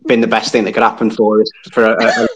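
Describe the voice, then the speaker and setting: A man's voice: fairly low pitch, monotone, fast talker, dull audio. A man calling into a podcast, wry and rambling with dry humour, on a phone. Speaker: phone-in guest, football fan. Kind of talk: casual chat.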